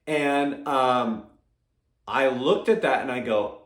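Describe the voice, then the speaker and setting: A man's voice: mid-range voice, takes it slowly, roomy sound. A man giving casual MMA opinion commentary, emphatic and keeps checking in with "all right?" and "okay?".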